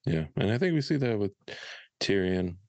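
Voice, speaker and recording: A man in a casual podcast chat as co-host, relaxed and easygoing. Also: lowish voice, moderate pace, no echo. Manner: relaxed, easygoing, many fillers.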